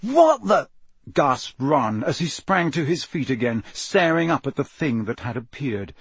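A man narrating an audiobook with a dramatic, expressive reading. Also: mid-range voice, moderate pace, husky, no room sound.

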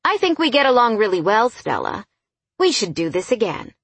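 A woman's voice: a little high, sing-song, normal speed, breathy edge, dry recording, voice pushed up, heavily acted. A woman voicing a guarded, sulky young man on a date who speaks bitterly and grudgingly.

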